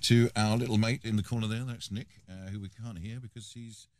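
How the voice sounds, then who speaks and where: A man's voice: lowish voice, steady tone, brisk, darkish tone. A man hosting a radio show, chatting casually and trading cheeky jokes with his guest. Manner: joking, teasing, cheeky. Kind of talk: casual on-air banter.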